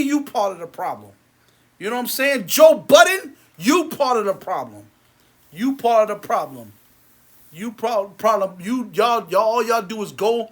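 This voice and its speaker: A man and movie theater owner ranting angrily to camera, heated and repetitive, his voice sinking low and quiet between outbursts. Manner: repetitive, many restarts. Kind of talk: angry rant to camera.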